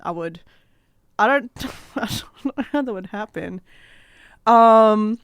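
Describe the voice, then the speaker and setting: A young woman co-hosting a radio show, telling stories in an animated way and laughing often in casual chat. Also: mid-range voice, clean tone, no room sound, studio quality.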